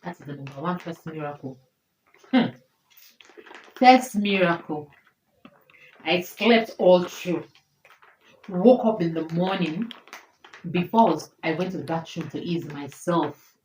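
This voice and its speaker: A woman's voice: lowish voice, lively intonation, unhurried, long pauses, a little mellow. A woman in her thirties with a Nigerian accent, talking emotionally and repeating herself as she tells viewers about her health in a personal vlog. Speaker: vlogger. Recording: echoey room, faint noise.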